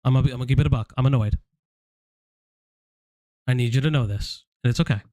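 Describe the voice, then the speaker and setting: A man's voice: mid-range voice, quick pace, mellow, dry recording. Man, stream host, confrontational, repeats himself, dry. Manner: confrontational, repetitive, addressing someone directly. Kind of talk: livestream commentary.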